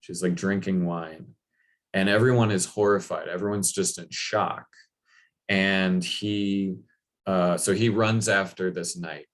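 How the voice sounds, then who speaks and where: A man's voice: low-pitched, steady tone, a little slow. A man retelling a legend in a loose, chatty talk, full of fillers. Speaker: speaker. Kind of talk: casual storytelling talk.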